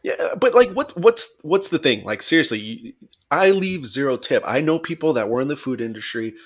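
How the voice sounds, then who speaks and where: A man co-hosting a casual podcast, telling a story with plenty of swearing. He acts out the other people with quoted voices, his pitch jumping around as he goes. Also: moderate pace. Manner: animated storytelling, acting out both sides with quoted voices and swearing. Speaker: podcast co-host.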